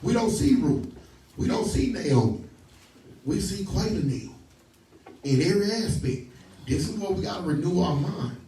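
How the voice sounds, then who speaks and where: Emphatic preacher in an echoey room. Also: male voice, high voice, expressive, normal speed, pauses often, mellow, distant mic, a little hiss or hum. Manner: emphatic, stops the reader to repeat and question lines; folksy, tells stories with laughs. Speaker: teacher leading a scripture study. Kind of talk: call-and-response preaching. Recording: roomy echo, voice from off the mic.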